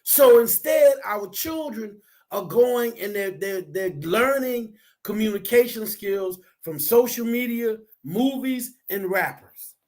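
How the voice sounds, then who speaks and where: A high-voiced man co-hosts a casual discussion, speaking slowly. His talk is preachy and animated, climbing to near shouts.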